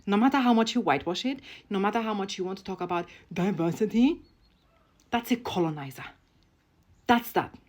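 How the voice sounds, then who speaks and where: A woman's voice: mid-range voice, lively intonation, a little fast, a little mellow. A woman delivering a heated, blunt opinion rant as a vlogger, swearing and sarcastic, often tagging her points with "okay?". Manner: blunt, profane, keeps asking "okay?"; sarcastic, mocking.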